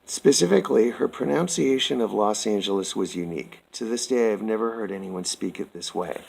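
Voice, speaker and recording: A man from Canada reading a prepared statement aloud, slow, formal and earnest, addressing the listener as sir. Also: lowish voice, gravelly, darkish tone, slightly rough, rough recording.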